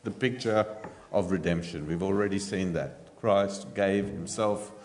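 Low-voiced pastor preaching in a reverberant hall. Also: male voice, a little slow, a little mellow. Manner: earnest, with frequent ums and rhetorical questions. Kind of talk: sermon.

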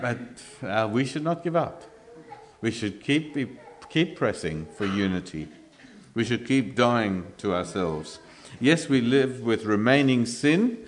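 Male preacher, lowish voice, earnest sermon delivery, halting restarts. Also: slight background noise. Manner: earnest, with many restarts and filler ums.

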